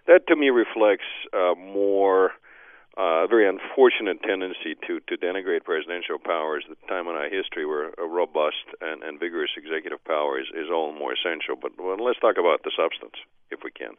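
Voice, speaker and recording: A man's voice: low voice, brisk, no echo. A man speaking as a legal expert guest in a phone-in interview, arguing emphatically and dismissively, with frequent restarts. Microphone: telephone. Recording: tinny phone line.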